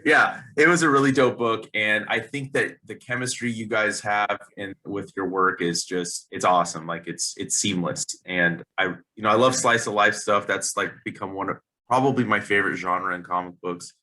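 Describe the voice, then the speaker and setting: A man's voice: lowish voice, fairly even intonation, normal speed, bright, forceful tone. A man hosting an interview show, talking casually with enthusiasm and loose, rambling phrasing. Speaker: host.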